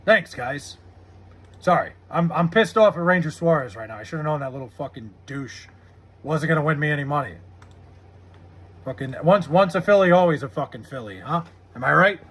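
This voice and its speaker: A man streaming live from home, talking casually to his chat. His voice sits high and sounds bright and a little husky. He swears freely and vents about the game. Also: lively intonation, normal speed. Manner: profane, frustrated, reads chat aloud. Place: home room with TV.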